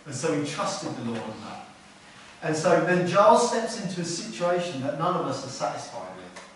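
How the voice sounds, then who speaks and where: A man preaches to his congregation, earnest and conversational, leaning on repeated words to drive a point home. His voice sits a touch high for a man and sounds set back from the mic. It rings around a very echoey hall, with a faint hiss underneath. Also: sing-song, normal speed, far from the mic. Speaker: pastor. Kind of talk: sermon. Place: church hall.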